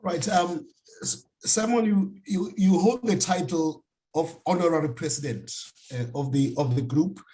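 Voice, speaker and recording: Hesitant male interviewer, slightly high voice. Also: unhurried, dark tone. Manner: hesitant, many fillers and repeated starts. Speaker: interviewer, host. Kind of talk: interview questions.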